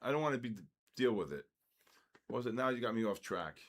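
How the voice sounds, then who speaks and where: A man's voice: medium pitch, animated, quick pace. A man hosting a live trading session, rambling into ranting asides between market calls. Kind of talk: casual live trading commentary.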